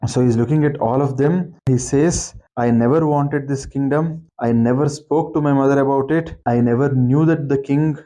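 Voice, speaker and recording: A man's voice: mid-range voice, moderate pace, few pauses, warm tone, rough recording. A man retelling and explaining an epic scripture, reciting verses and paraphrasing them in a conversational way.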